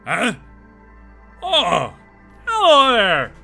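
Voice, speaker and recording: A man voicing a brawny, cheerful female half-orc stable keeper in a tabletop game, friendly with drawn-out hesitations. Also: very high voice, huge pitch swings, creaky, sharp tone, faint music behind, pitched above the performer's own voice, exaggerated voice. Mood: surprised cheer.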